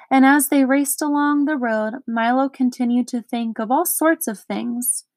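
A woman with a voice on the high side reads a children's storybook aloud, recorded with no room sound. Her narration comes alive through character voices and lively shifts between them.

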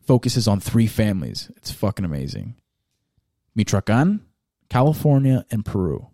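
A man with a low, dark voice, talking in a loose, excited way and swearing freely. He drops into Spanish phrases mid-sentence. The sound is dry and close. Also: moderate pace, no room sound. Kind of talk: casual chat.

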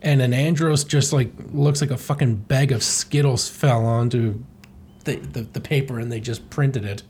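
A man's voice: medium pitch, fairly even intonation, normal speed, darkish tone, a little hiss or hum. A man hosting a podcast, giving a rambling, irreverent comedic recap of a comic and swearing often. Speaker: podcast host.

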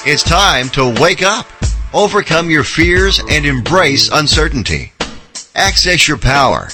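Male announcer for a podcast intro: unhurried, animated, over a music bed. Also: fairly high pitch. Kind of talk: scripted show intro.

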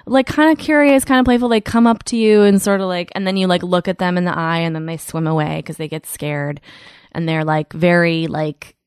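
Lower-voiced woman chatting casually. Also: brisk, clear, resonant tone, dry recording, studio quality. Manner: animated storyteller with many fillers and restarts. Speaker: comedian guest. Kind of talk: casual podcast chat.

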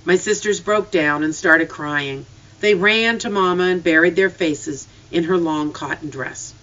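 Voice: mid-range voice, measured pace, pushed and bright. An audiobook reader narrating a first-person story in an earnest, emotive way. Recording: slightly distant, dull lo-fi.

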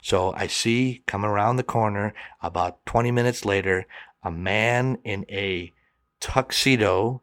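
A middle-aged man tells a personal story in a lowish voice, animated and quick to slip into the voices of the people in it. The sound is dry and close, with no room around him. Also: no echo. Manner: animated, acts out the quoted voices. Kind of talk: personal story told to a listener.

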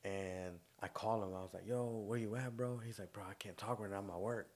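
A man's voice: on the low side, fairly even intonation, brisk, darkish tone. A young man co-hosting a podcast, telling rambling stories in casual chat with lots of slang and laughter. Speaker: podcast co-host.

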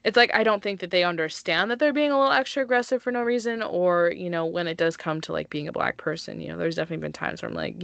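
A woman's voice: on the low side, quick pace, vocal fry, hardly any pauses, fairly bright tone, dry recording, highs cut off. A woman co-hosting a podcast, talking in a blunt, emphatic way and swearing freely. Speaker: podcast co-host. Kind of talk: casual chat.

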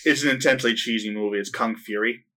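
A man's voice: lowish voice, fairly even intonation, fast talker, bright, forceful tone. A man co-hosting a casual film podcast, talking enthusiastically and rambling with restarts. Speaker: podcast co-host. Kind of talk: casual film review chat.

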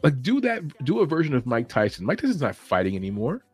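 Guy on a podcast rambling his opinions, chuckles a lot, average pitch, bit of faint music behind. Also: huge pitch swings, quick pace, husky. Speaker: podcast host. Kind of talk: casual opinion chat.

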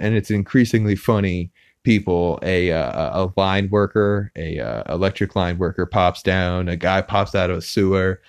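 Deep-voiced man rambling through a recap. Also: normal speed, clear, resonant tone, dry recording, clean studio sound. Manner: rambling, lots of "uh" fillers. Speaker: podcast host. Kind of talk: casual episode recap. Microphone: podcast mic.

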